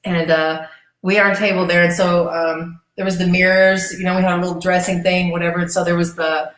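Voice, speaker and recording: Profane, animated woman telling a story. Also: on the low side, brisk, roomy sound, poor audio. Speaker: interview guest, former gladiator. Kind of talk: casual storytelling.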